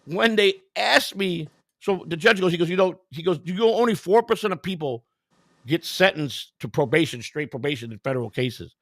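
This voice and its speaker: An older man with a fairly high-pitched voice tells his story in a blunt, profane, rambling way. He keeps restarting sentences and acts out the other people in the conversation. The sound is dry and close, with no room echo. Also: animated, moderate pace, fairly bright tone. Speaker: guest.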